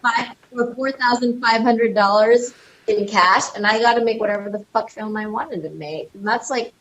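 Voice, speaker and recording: A woman's voice: a little high, normal speed, fairly bright tone, dull audio. A woman in her thirties, a film director as a podcast guest, telling stories with lots of energy, laughter and swearing. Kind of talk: casual podcast interview.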